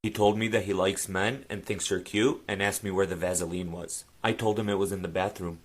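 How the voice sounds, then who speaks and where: A man's voice: deep voice, fairly even intonation, brisk, hardly any pauses. A man telling a joke story in a plain narrating voice.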